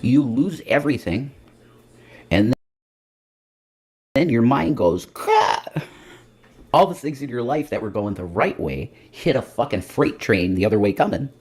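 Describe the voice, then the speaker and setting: A man's voice: medium pitch, lively intonation, moderate pace, long pauses, darkish tone, breathy edge. A man hosting a livestream, rambling casually with lots of profanity and self-mockery. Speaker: livestream host.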